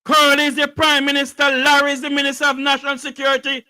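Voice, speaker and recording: A Jamaican man giving an impassioned political speech, fiery and declamatory, often shouting. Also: extremely high pitch, monotone, quick pace, low-quality recording.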